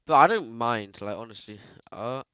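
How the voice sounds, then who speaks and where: A man's voice: mid-range voice, expressive, normal speed, bright, forceful tone, clear, resonant tone, dry recording. A man with a British accent chatting casually while editing photos, rambling and slangy, full of filler words. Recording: dull, dry lo-fi sound.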